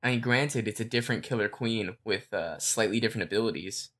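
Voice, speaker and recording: A man's voice: on the low side, a little fast. Casual man rambling through fan theories. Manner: relaxed, rambling with fillers. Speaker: podcast co-host.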